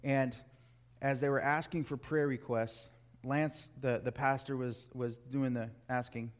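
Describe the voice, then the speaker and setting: A man's voice: medium pitch, fairly even intonation, unhurried. An earnest man preaches a sermon in a mid-range voice. He is emphatic and hammers home key phrases by repeating them.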